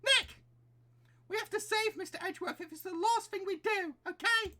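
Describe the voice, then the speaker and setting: A man voicing an eager, excitable teenage girl sidekick in a game read-along. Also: very high-pitched, moderate pace, pitched above the performer's own voice, full character voice. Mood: determined. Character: peppy teenage girl spirit medium sidekick.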